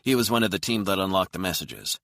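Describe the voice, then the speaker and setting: A man voicing a male computer forensics expert who speaks briskly and emphatically. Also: low-pitched, big pitch swings, creaky, a bit bright, dry recording, studio quality, pitched above the performer's own voice, exaggerated voice. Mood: urgent.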